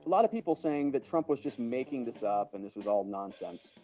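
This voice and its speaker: Soft music plays behind a man hosting a casual livestream in a warm, mid-range voice. He's animated and fairly quick, chatting and chuckling as he thanks viewers by name and reacts to their comments.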